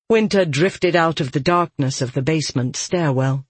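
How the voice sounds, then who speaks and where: A narrator reading a fantasy audiobook in a steady, measured way. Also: medium pitch, breathy edge, dry recording.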